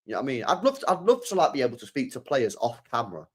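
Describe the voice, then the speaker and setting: A young man, hosting a casual football stream, rambling in slangy, animated asides. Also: medium pitch, racing, breathy edge. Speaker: football channel host. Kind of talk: casual livestream chat.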